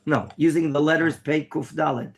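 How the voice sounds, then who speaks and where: Animated gravelly rabbi teaching a class. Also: male voice, fairly high pitch, normal speed, a crowd in the background. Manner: animated, questioning the class, bursts of theatrical excitement. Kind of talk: interactive Bible lesson. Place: classroom at a yeshiva.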